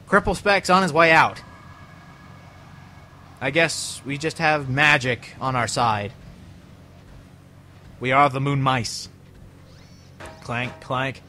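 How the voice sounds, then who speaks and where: A young man rambles and jokes his way through game commentary, his voice bright and fairly high. His pitch leaps around as he gets excited. A faint hiss sits under the recording. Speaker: let's play commentator. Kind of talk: gameplay commentary.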